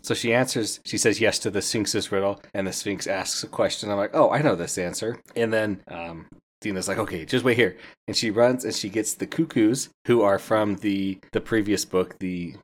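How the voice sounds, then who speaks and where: A man's voice: lowish voice, steady tone, moderate pace. A man hosting a book podcast, chatting casually through a spoiler review, laughing and quoting the characters as he goes.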